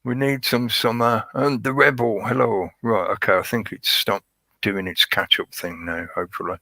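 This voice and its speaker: A man's voice: on the low side, fairly even intonation, normal speed, vocal fry, bright, forceful tone, no room sound, low-quality recording. A man hosting a casual livestream, talking at length in a rambling way and greeting chat viewers by name. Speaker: livestream host.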